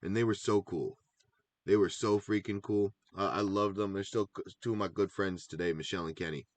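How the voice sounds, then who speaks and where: A man with a fairly low voice co-hosts a casual recap show. He rambles with enthusiasm, often wanders off on side stories, and jumps back to his picks. The recording is close and dry, with no room echo. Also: fairly even intonation, a little fast. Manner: rambling, enthusiastic, goes on tangents. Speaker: podcast co-host. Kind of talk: casual chat about game picks.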